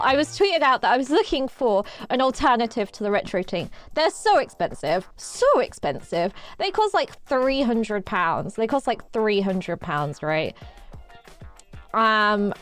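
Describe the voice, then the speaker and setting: An excitable woman chats on a live stream, her voice sitting a little high. She rambles, repeats herself and giggles between thoughts. Faint music plays underneath. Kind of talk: casual livestream chat.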